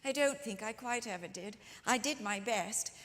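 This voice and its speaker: A woman's voice: a little high, normal speed, a bit bright, close to an everyday voice. A woman storyteller playing the ghost of a 19th-century woman author, speaking theatrically to a live audience with lingering emphasis. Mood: wistful. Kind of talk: one-woman historical storytelling performance. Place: church sanctuary with live audience. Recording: long reverb of a large church hall.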